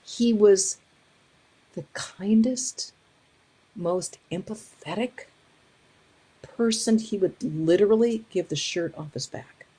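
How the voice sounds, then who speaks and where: A woman, a nun giving a storytelling talk, who speaks in a lively way and acts out the voices she quotes. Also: medium pitch, slow pace, pauses often, husky.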